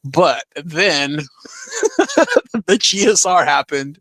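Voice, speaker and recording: A man's voice: on the high side, takes it slowly, a bit bright, no room sound. Chatty man with a dry sound. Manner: upbeat and chatty, many fillers. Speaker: livestream host. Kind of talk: casual chat reading out viewer comments.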